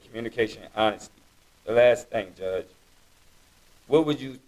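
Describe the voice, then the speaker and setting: A man's voice: mid-range voice, rough recording. A man hosting an interview, speaking candidly and informally about his own experience. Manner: candid, informal, personal storytelling. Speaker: podcast host. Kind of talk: casual interview talk.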